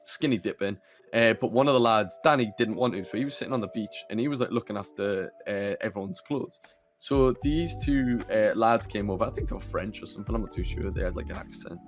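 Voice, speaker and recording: This young man, a podcast host, tells a casual story in a rambling, sweary manner loaded with fillers. His voice is medium-pitched and brisk, with soft background music, and he records on a computer camera mic.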